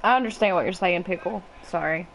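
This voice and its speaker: In casual gaming stream chat, a twenty-something woman from Kentucky, USA, speaks with a Kentucky accent, greets viewers and cusses freely. Her voice is fairly low, creaky and fairly bright, and she talks fairly quickly. The recording is rough, with slight background noise.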